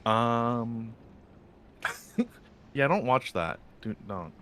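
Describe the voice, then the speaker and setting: A man's voice: medium pitch, animated, drawn-out words, pushed and bright, a little hiss or hum. A man streaming a game, chatting casually and joking with viewers in a rambling way. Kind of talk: casual live-stream chat.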